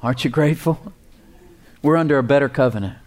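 A man preaching a conversational sermon as pastor and Bible teacher, emphatic and animated, chuckling at his own points. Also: medium pitch, fast talker.

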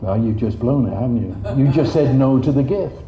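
Man, sermon, animated preaching, dull echoey recording. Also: fairly quick, crowd noise. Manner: animated, jumps high for quoted voices.

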